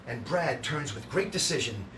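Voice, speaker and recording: A man hosting a live show, reading a stage script aloud with relaxed, offhand asides. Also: mid-range voice, normal speed, noisy background. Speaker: host reading a musical's script. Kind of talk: casual script read-aloud. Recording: echoey room, distant mic, guitar.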